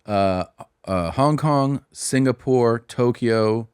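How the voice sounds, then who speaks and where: A man's voice: mid-range voice, takes it slowly, a little mellow, smooth, no room sound, studio quality. A man who is a stand-up comedian, hosting a podcast and telling stories in a loose, rambling way with lots of fillers. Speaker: podcast host. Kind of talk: casual chat.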